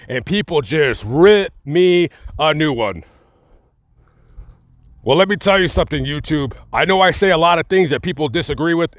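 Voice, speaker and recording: A man's voice: a little high, fairly bright tone, no room sound. Blunt, fiery man on a dry mic. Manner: blunt and emphatic, with halting restarts. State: angry and upset. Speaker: YouTube commentary host. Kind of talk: heated direct-to-camera commentary.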